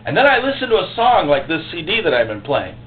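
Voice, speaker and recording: A man preaching a sermon as pastor, emotional and impassioned, with sudden loud outbursts. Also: fairly high pitch, huge pitch swings, quick pace. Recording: echoey, tinny phone-like recording with faint hum.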